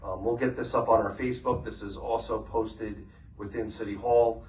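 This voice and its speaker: A man presiding over a city council meeting, calling votes and making announcements in a brisk, businesslike way with casual fillers. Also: lowish voice, little pitch movement, a little mellow. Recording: echoey chamber from far off, faint noise.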